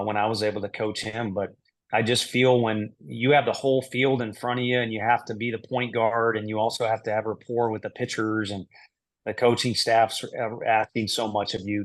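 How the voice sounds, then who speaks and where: A middle-aged man speaking at a middling pitch, talking casually as a guest. He laughs often and works his way through answers aloud, poking fun at himself. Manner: laughs easily, talks through answers aloud with self-deprecating humor. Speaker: head baseball coach, podcast guest.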